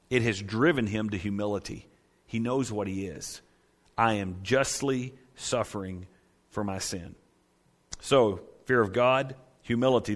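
A man preaching a sermon as pastor, conversational and emphatic, often checking in with his listeners and swinging between loud declarations and hushed asides. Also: mid-range voice.

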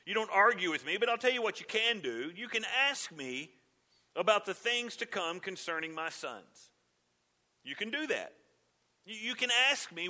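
Male pastor mid-sermon; earnest questioning delivery, bright and slightly high. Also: big pitch swings, normal speed. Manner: earnest, questioning, reads scripture aloud.

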